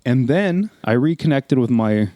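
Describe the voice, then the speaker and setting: A man's voice: medium pitch, lively intonation, a little slow, mellow, no echo, clean studio sound. A man co-hosting a casual group podcast, talking in a loose, rambling way full of swearing and fillers. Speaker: podcast co-host.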